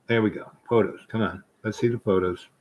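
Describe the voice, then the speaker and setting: A man's voice: fairly low pitch, steady tone, fairly quick, a little mellow, slight background noise, poor audio. A man hosting his own show, telling a long, meandering story with many restarts and asides. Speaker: host. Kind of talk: rambling storytelling monologue.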